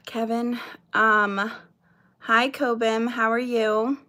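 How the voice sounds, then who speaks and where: A woman's voice: fairly high pitch, little pitch movement, extremely slow, pushed and bright. A woman in her thirties hosting her first casual livestream, chatting nervously and apologetically with lots of fillers while greeting viewers. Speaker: livestream host.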